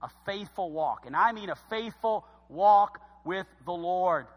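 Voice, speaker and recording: Man, pastor; impassioned sermon delivery, high-pitched, reverberant sanctuary sound. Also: expressive, unhurried. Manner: fervent preaching with swings from loud shouts to low emphasis.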